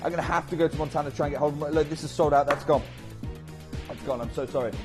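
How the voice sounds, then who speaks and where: Brief: energetic male shopping-channel host, slightly high voice, faint music behind. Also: very fast. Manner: energetic, chatty, off-script asides. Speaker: TV shopping presenter. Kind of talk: live shopping channel selling.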